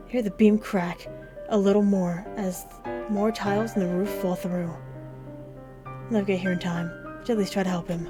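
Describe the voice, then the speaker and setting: A woman's voice: mid-range voice, steady tone, a little fast. A woman hosting a gaming video, dramatically reading a narrative game aloud in the first person with emotional intensity. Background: game music.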